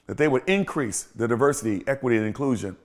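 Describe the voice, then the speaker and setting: A man's voice: medium pitch, fast. A middle-aged man, a pastor and podcast host, giving emphatic, sermon-like commentary and repeating phrases for rhythm. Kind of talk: preaching-style commentary.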